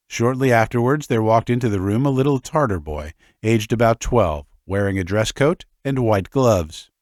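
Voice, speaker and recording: A man narrating a classic short story audiobook in an unhurried, even manner. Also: lowish voice, no room sound, clean studio sound. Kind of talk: scripted narration.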